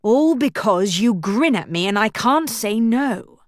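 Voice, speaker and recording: A woman voicing a young British gentleman, a future duke, who protests with teasing, mock-dramatic exasperation. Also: fairly high pitch, animated, measured pace, no echo, studio quality. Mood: mock-despairing.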